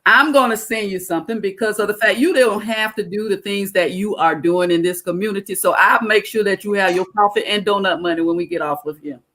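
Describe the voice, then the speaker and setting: A woman, a guest on a casual live stream, chiming in with warm, encouraging remarks. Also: mid-range voice, brisk, hardly any pauses.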